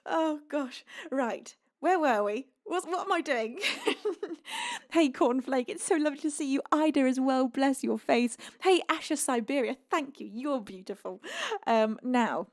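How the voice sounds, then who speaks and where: A woman's voice: sits high, a little slow. A young woman from the UK, a singer-songwriter hosting a live stream, chatting casually, giggling often and reading out viewers' messages. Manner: chatty and giggly, reads chat aloud.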